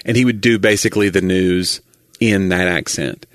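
A man with a Southern American accent, talking loosely as a podcast co-host. His voice sits on the low side and he often laughs while he tells a story. The recording is dry and close, with no room echo. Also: normal speed. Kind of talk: casual chat.

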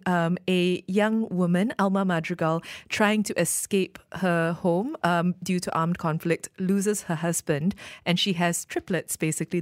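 Enthusiastic low-voiced radio co-host woman. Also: no room sound, studio quality. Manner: enthusiastic, chatty. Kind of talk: film review chat.

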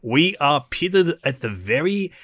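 A man's voice: fairly high pitch, big pitch swings, unhurried, a bit bright, dry recording. A young Australian man co-hosting a podcast, goofy and playful. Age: young adult. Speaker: podcast co-host. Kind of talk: casual comedic podcast chat.

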